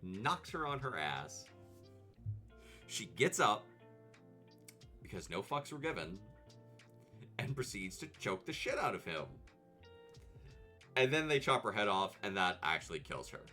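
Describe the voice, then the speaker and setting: Deep-voiced man ranting about a movie. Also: a little slow, long pauses, faint music behind. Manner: animated, profane, sarcastic ranting. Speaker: streamer. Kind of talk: comedic movie commentary.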